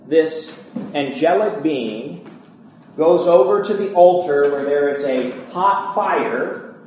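A male pastor delivers a sermon in an earnest, emphatic way, stacking repeated phrases to drive each point home. His voice sits high for a man. The sound carries a noticeable room echo. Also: lively intonation, takes it slowly, a little mellow, a little hiss or hum.

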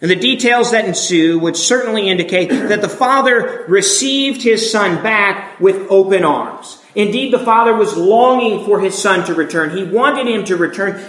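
High-voiced preacher in an echoey room. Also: male voice, a bit bright. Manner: earnest, explanatory, with emphatic repetition. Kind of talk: expository sermon.

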